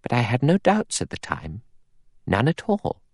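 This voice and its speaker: Male reader as a starchy elderly spinster, dry and clipped, soft and low, storybook reading, dry room. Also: huge pitch swings, a little slow, no echo, exaggerated voice. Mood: prim. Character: stern elderly spinster, prim and self-righteous.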